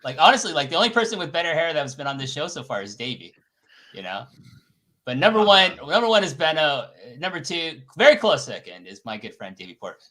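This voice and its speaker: Man, podcast guest, blunt sweary talk, lively swinging pitch, bright. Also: fast. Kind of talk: casual podcast chat.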